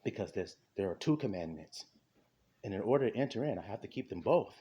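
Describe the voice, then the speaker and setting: A man preaching an impassioned sermon, fervent and repetitive, with a husky voice. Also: on the low side, lively intonation, fairly quick, dark tone. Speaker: street preacher.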